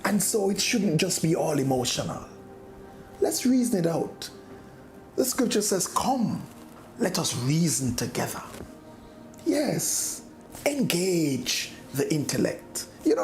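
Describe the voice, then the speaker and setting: A man preaching a sermon as a bishop, slow and deliberate, rising to emphatic points. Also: high-pitched, sing-song, creaky, soft background music. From Jamaica.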